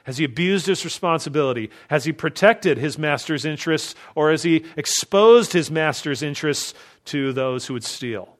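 A man's voice: on the high side, expressive, normal speed. A man preaching an expository sermon, driving his points home with emphatic strings of rhetorical questions. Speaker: pastor.

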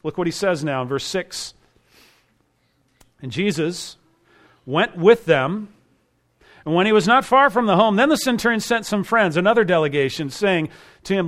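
A man preaching a Bible sermon, emphatic and repetitive, his voice swinging between loud and quiet. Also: high voice, expressive, normal speed, pauses often. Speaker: pastor. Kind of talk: expository sermon.

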